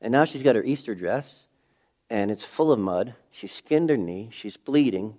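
A middle-aged man preaching a sermon in a conversational way, full of rhetorical questions, swinging between loud emphasis and hushed moments. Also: mid-range voice, lively intonation, normal speed. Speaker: pastor.

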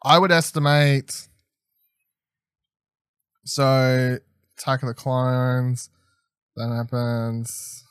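Reviewing a TV episode on a podcast, a young male co-host chats casually with eager, rambling energy, full of fillers and false starts. His mid-range voice is delivered flatly and extremely slowly, with long pauses. The clean sound is dry and close, with no echo or room around it.

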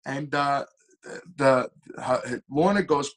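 A young man, a singer telling stories as a podcast guest in a lively, animated way. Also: normal speed. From Long Island, New York. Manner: animated storyteller with shifting pitch and pace. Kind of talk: casual storytelling interview.

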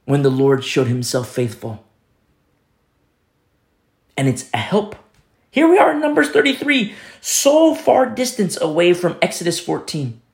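A man preaching a sermon, acting out quoted speakers with sudden swings between loud, high calls and low, hushed asides. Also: sing-song, measured pace, vocal fry, long pauses. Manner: dramatic, voicing quoted speakers with big swings in pitch and loudness. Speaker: pastor.

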